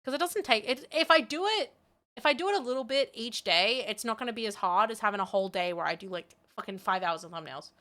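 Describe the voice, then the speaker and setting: A woman streaming live, her voice bright and clear. She rambles in a candid, self-deprecating way and often laughs at herself. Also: a little high, expressive, fast talker. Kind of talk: casual live-stream chat.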